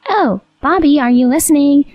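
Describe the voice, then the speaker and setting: A woman voicing a high-pitched, scheming young mistress speaking over the phone, eager and gushing. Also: normal speed, darkish tone, no echo, faint music behind.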